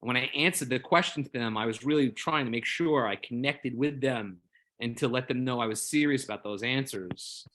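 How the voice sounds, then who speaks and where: A man's voice: mid-range voice, brisk, a bit bright. A man in a casual group discussion, telling a story in a rambling, earnest, openly emotional way, often repeating words while he searches for them. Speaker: Jedi community member.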